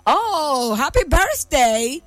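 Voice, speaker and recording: Bubbly high-voiced woman radio host. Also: big pitch swings, slow, soft background music. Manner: exuberant, often shouting and laughing. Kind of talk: live morning radio chat. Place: radio studio.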